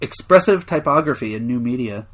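A man's voice: mid-range voice, animated, fairly bright tone. A man co-hosting a podcast, recapping episodes in casual chat and laughing often. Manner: laughs often, quick to joke. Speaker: podcast co-host.

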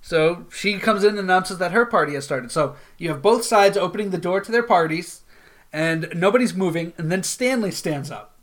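A woman casually retelling a TV episode in chat, animated and full of laughs. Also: on the low side, normal speed.

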